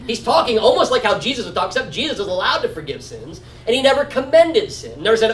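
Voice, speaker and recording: A man leads a casual Bible study, thinking aloud and often checking in with "right?". His voice sits high for a man. He is recorded from a distance in an echoey room with a faint hiss behind him. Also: very animated, quick pace, few pauses. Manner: conversational, often adds 'right?'. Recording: roomy echo from a distant mic.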